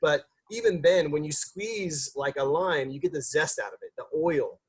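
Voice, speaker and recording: A man's voice: fairly high pitch, lively intonation, moderate pace, breathy edge. A man, a chef, giving a casual cooking demonstration in a loose, chatty way with lots of fillers and restarts.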